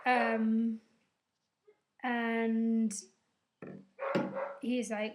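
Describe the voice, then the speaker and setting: A woman's voice: on the high side, fairly even intonation, a little slow, pauses often, background noise. A woman vlogging a casual, rambling episode recap, chatty and emotional, with some swearing.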